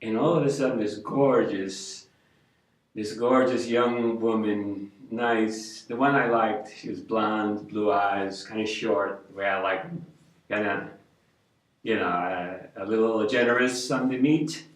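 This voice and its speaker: A man's voice: fairly low pitch, steady tone, measured pace, fairly bright tone. Older man telling stories in an echoey room. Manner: rambling, folksy, hippie slang with frequent "man". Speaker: street pastor. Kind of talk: casual storytelling monologue. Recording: echoey room, mic at a distance.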